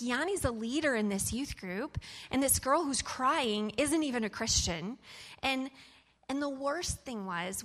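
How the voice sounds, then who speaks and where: A woman's voice: mid-range voice, fairly bright tone. A woman animatedly telling a personal story from her camp ministry work, in a chatty style full of fillers.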